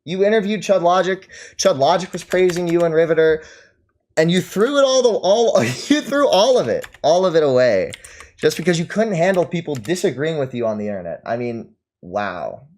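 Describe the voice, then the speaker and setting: A man's voice: a little high, animated, brisk, a little mellow. A man streaming and scornfully mocking someone in his chat, laughing often between jabs. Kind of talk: livestream commentary.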